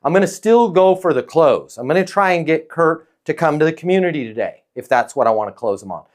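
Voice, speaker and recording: A man giving casual training talk as a leasing sales trainer, speaking in a calm, neutral, non-pushy tone and coaching with frequent "okay?" and "right?" check-ins. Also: fairly high pitch, fairly quick.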